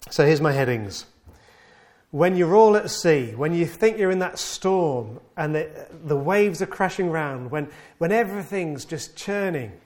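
A man delivering a sermon in a fairly high voice that swings widely in pitch. He repeats key words for emphasis and stumbles now and then. When quoting a plea, he lifts his voice into a pleading tone. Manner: animated, voices the psalmist's pleas in a raised pleading tone. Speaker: preacher.

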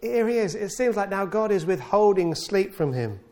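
Male preacher with a fairly high, very expressive voice; repeats key words and acts out pleas. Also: normal speed. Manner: animated, voices the psalmist's pleas in a raised pleading tone; repeats key words for emphasis, occasional stumbles. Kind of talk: sermon.

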